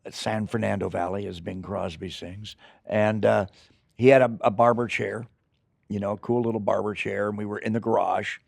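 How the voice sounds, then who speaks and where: An older man, an actor, telling rambling, animated stories in an interview, with acted asides. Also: lowish voice, normal speed, vocal fry, dry recording, clean studio sound. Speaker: actor guest. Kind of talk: anecdotal interview storytelling.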